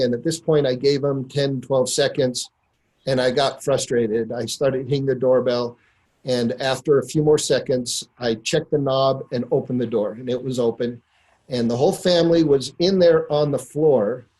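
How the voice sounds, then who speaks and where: A middle-aged man recounting a personal story to a listener, earnest and unhurried, with many pauses and fillers. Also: mid-range voice, a little mellow, poor audio. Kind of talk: personal anecdote told to a listener.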